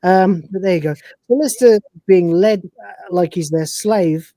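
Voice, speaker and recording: Woman, podcast co-host, rambling profane recap, lowish voice, dry close sound. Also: unhurried, mellow, no echo. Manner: rambling, profane and chatty, acting out scenes. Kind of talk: casual live-stream episode recap.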